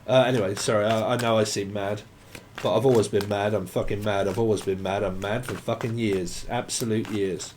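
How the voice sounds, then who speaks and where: During a tarot reading, a man with a low-leaning, slightly mellow voice wanders from name to name and word to word, swearing and sometimes bursting into song fragments. A little hiss or hum sits under the audio.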